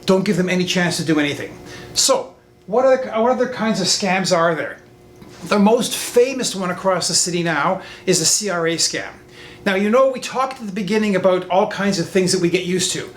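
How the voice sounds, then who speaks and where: A man's voice: expressive, fairly quick. A man, a lawyer, giving an online class over a video call. He speaks emphatically and repeats his warnings. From Canada. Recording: roomy sound with faint rumble.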